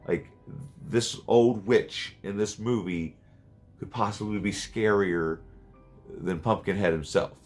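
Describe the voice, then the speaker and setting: Rambling, foul-mouthed male movie reviewer. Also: lowish voice. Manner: rambling, profane, animated. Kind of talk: casual profane vlog commentary. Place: seated at home.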